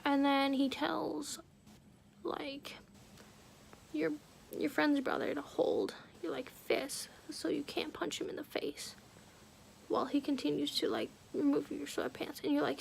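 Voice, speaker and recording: High, gravelly young woman half-whispering. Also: little pitch movement, slight background noise. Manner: hushed, often slipping into a whisper; halting, heavy use of "like". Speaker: vlogger. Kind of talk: personal storytelling.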